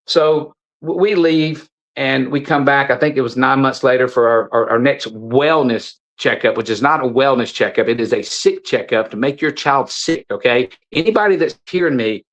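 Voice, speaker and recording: A man's voice: mid-range voice, normal speed, hardly any pauses, a bit bright, poor audio. Emphatic, stumbling man telling a story. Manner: emphatic and preachy, stumbles and repeats words. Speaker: interview guest. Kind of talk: impassioned storytelling in conversation.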